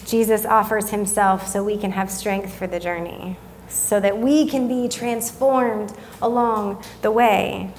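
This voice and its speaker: A woman, giving a sermon as a guest speaker, telling a family story in a chatty, self-deprecating way and softening when she reflects. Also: mid-range voice, steady tone, measured pace, slight background noise. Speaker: guest speaker at a young adult service.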